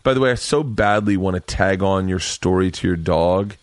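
A man's voice: sits low, moderate pace, no room sound. A man hosting a podcast from his home man cave, rambling through stories with plenty of swearing. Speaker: podcast host. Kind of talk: casual chat.

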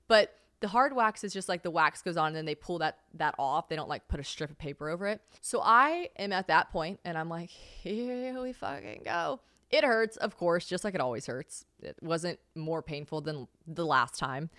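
A young woman hosting a podcast, telling a candid personal story in a casual, animated way, swearing freely and acting out her own reactions. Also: low-pitched, no echo, clean studio sound. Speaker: podcast host.

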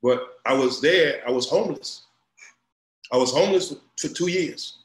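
A man's voice: mid-range voice, moderate pace. A middle-aged man from Louisiana with a Southern accent, telling stories in a casual interview, full of restarts and acted-out quotes. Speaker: guest, recruiting company founder. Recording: roomy echo.

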